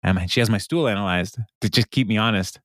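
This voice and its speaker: A man hosting a podcast, walking through a sitcom episode scene by scene. His voice sits fairly low, and he keeps breaking into laughter as he quotes the lines. The sound is dry and close, with no room around it. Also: fast, fairly bright tone, no room sound. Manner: laughs often while retelling scenes and quoting characters. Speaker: podcast host recapping a TV episode. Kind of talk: casual chat.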